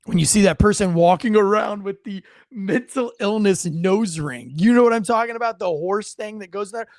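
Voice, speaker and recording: A man in his forties telling a story in casual talk, acting out the people in it with shouts and frequent restarts. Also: high voice, normal speed, no room sound, clean studio sound. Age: 40s. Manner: animated storyteller who acts out shouted quotes, with frequent restarts.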